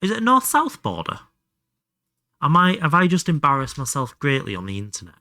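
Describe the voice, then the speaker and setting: A man's voice: on the high side, wildly swooping pitch, a little fast, sharp tone, dry recording, clean studio sound. A young man chatting casually and thinking aloud while streaming a game, swearing freely. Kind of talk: casual live gameplay commentary.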